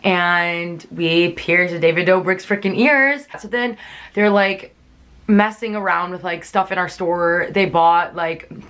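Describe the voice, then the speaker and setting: A woman's voice: lowish voice, a bit bright. A young woman telling a chatty storytime vlog, filling her sentences with "like". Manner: chatty, many fillers like "like". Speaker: vlogger.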